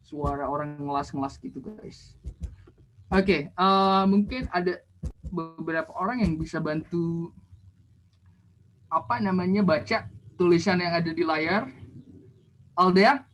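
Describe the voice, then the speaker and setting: A man's voice: high-pitched, measured pace, long pauses, fairly bright tone, highs cut off, a little hiss or hum. An Indonesian man teaching English in a casual online class, chatty and switching languages, heard over a video call.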